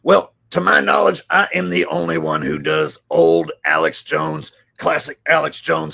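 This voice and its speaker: Gravelly man rambling on a live stream. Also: a little high, animated, unhurried, hardly any pauses, pushed and bright. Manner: rambling, mocking, with filler words. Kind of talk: casual live-stream commentary.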